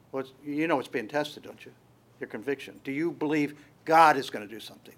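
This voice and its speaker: A man's voice: medium pitch, fairly quick, fairly bright tone. A man preaching a sermon as pastor, conversational and emphatic, often restarting his phrases.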